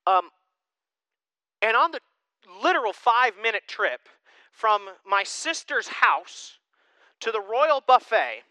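A young man preaching a sermon to his congregation, joking and chatting in an animated, conversational way. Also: high voice, takes it slowly, pauses often, smooth, dry recording, rough recording. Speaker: pastor.

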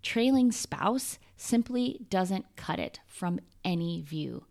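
A woman's voice: on the low side, animated, slow, hardly any pauses, a little mellow. Earnest woman hosting a solo podcast. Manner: earnest, list-like, conversational. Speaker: podcast host. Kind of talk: scripted solo podcast monologue.

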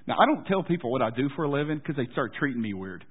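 A male pastor telling a story in a sermon, casual and self-deprecating, with halting restarts. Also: mid-range voice, very animated, slightly rough. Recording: tinny phone-like sound.

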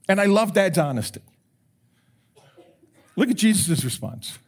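Male pastor, bright higher register, big swooping delivery; a sermon voice that acts out the quotes it uses. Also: measured pace, long pauses, slightly rough. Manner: animated preacher who acts out quoted prayers; rising to emphatic calls.

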